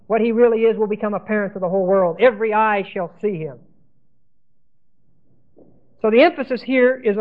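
Male Bible teacher, higher voice, repeats and spells terms, tinny old recording. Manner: spells out Greek words letter by letter, repeats key terms. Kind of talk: Bible lesson sermon.

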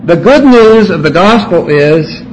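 Man, Bible class lecture, emphatic, high voice, faint background hiss. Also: lively intonation, measured pace, poor audio. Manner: emphatic, stresses words, refers students to notes. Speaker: Bible teacher.

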